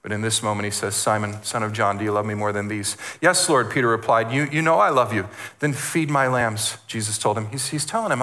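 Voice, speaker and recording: A man preaching as a guest speaker, animated, repeating words and acting out the voices he quotes. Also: medium pitch, a little fast. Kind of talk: sermon.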